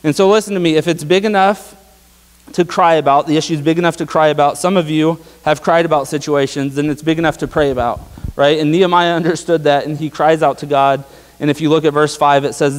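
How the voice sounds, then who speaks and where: A man's voice: a little high, fairly even intonation, fairly quick. A young man preaching a casual sermon, talking conversationally with lots of fillers and tag questions. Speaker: pastor. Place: church sanctuary. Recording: long hall reverb.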